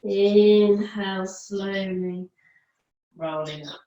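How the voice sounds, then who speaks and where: A woman's voice: medium pitch, drawn-out words, highs cut off. A woman yoga teacher guiding a class, cueing each movement to the breath and offering easier and harder options. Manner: calm cueing that follows the breath, with counts and options. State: out of breath at times. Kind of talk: guided yoga class instruction. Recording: echoey room, mic at a distance.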